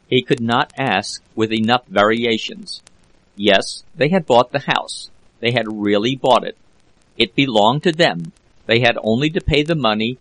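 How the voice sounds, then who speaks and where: A man narrating a classic novel as an audiobook reader, in a steady, measured way. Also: mid-range voice, no echo, rough recording. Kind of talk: scripted narration.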